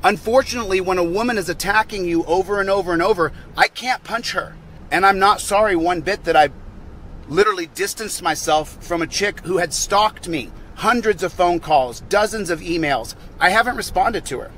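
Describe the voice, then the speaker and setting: A man's voice: sits high, moderate pace, a bit bright, slight background noise. A young man in a heated, profane rant to his vlog audience, repeating himself as he vents. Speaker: vlogger. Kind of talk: angry rant to camera.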